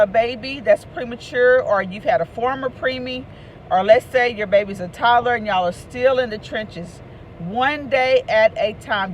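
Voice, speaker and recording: A woman, an author and speaker, telling a lively personal story and hollering out the voices she quotes. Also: on the high side, a little hiss or hum. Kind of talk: casual storytelling.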